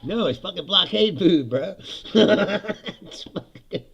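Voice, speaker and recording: A man's voice: high-pitched, animated, slow pace, vocal fry, a bit bright, husky. A man hosting a casual, profane monologue, laughing often and mocking others in silly voices. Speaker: host.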